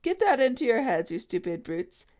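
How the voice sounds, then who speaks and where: A woman's voice: fairly high pitch, sing-song, moderate pace, darkish tone. A woman reading a storybook aloud, voicing a scheming, bullying old male ape with a sneering, scornful manner.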